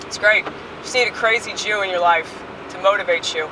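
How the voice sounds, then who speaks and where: A medium-pitched, fairly quick female voice belongs to an online comedian ranting crudely from behind the wheel. Recorded from a distance on the phone camera she holds while driving, her brash, rambling vlog comes with background noise.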